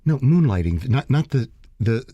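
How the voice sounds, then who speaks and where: A man hosting a casual radio show, chatty and fond of quoting studies, with halting restarts. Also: medium pitch, sing-song, mellow, no room sound, lo-fi sound.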